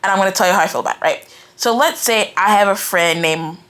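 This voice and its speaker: A young woman rants through a casual book reaction in a mid-range voice. She sounds exasperated and animated, and she keeps asking "right?" as if talking to her viewers. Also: medium pitch, fast, a little hiss or hum. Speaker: book reviewer. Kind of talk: casual reading-reaction rant.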